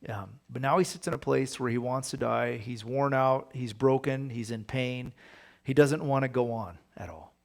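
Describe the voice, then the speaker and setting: A man's voice: medium pitch, moderate pace, vocal fry. A man, a pastor, teaching a Bible study in a casual, conversational way, often asking his listeners rhetorical questions.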